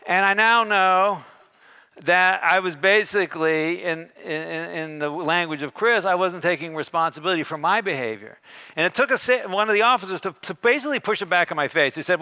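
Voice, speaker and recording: A man giving a keynote talk on a conference stage, telling a story and acting out the dialogue with lively shifts in tone. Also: high voice, brisk, clear, resonant tone. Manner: animated, acts out dialogue with shifting tones. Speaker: keynote speaker.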